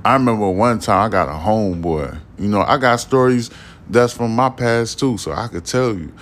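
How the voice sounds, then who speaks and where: A man's voice: lowish voice, moderate pace, a bit bright. A man in his forties hosting a podcast, telling stories in a casual monologue full of profane street slang and asides. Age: 40s. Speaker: podcast host.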